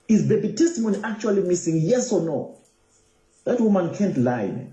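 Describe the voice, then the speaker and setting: A Nigerian man talks insistently, returning to the same question again and again. His voice is pitched high for a man and sounds deeply mellow. The recording has an echoey, roomy quality. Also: sing-song, moderate pace. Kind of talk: casual commentary.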